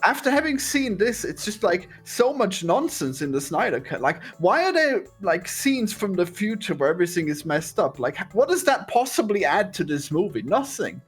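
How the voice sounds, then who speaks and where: A man's voice: sits high, very animated, normal speed, few pauses, breathy edge. A man co-hosting a podcast in casual chat, blunt and opinionated, with faint music behind. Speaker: podcast co-host.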